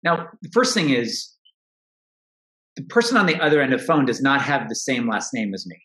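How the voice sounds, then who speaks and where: A middle-aged man speaks in an earnest, reflective way, often starting a sentence over as he works out his thought. His voice sits at an ordinary pitch. It carries a noticeable room echo, as if recorded in an open space. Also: sing-song, moderate pace, pushed and bright. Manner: reflective, earnest, frequent restarts. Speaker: coach. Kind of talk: interview conversation. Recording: roomy echo.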